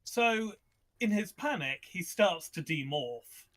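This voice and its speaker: A man's voice: high voice, animated, slow pace, a bit bright. A man hosting a casual book chat, rambling with many fillers and restarts. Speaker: podcast host discussing a book.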